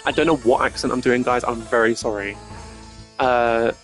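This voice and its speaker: A man's voice: medium pitch, steady tone, normal speed. Male streamer, casual joking asides, game music faint. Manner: laughing, self-mocking asides.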